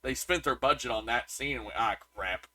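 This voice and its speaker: A man's voice: mid-range voice, steady tone, brisk, pushed and bright, dry recording. A man co-hosting a podcast, chatting casually about a movie and reading reviews aloud, with lots of restarts. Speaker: podcast co-host.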